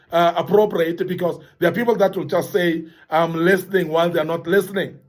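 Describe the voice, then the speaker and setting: Man, high voice, earnest motivational speaker, emphatic and repetitive. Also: a little mellow. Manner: earnest, emphatic, repeats phrases for stress. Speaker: forum speaker addressing young men. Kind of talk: motivational talk.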